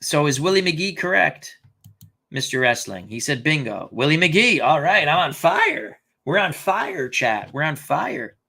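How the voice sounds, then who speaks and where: Bright-voiced man chatting on a live stream. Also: on the high side, big pitch swings, measured pace, creaky, husky. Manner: chatty, thinks aloud, reads viewer comments. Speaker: host. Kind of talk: casual live-stream chat.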